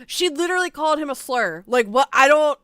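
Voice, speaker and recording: A woman's voice: high voice, lively intonation, fairly quick, a bit bright, no echo. A woman streamer reacting to a video with sarcastic, incredulous asides, on a close desk mic at home. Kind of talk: casual reaction commentary.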